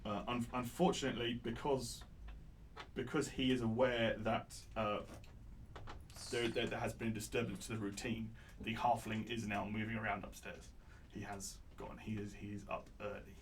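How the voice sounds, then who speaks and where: A man's voice: fairly low pitch, level tone, moderate pace. A man narrating a tabletop game as game master, stammering and repeating words as he goes. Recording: distant mic with faint noise.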